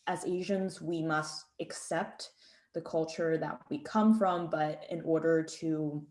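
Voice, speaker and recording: A woman's voice: deep voice, steady tone, slow pace, a little mellow, roomy sound. A woman on a press panel, earnestly passing on advice.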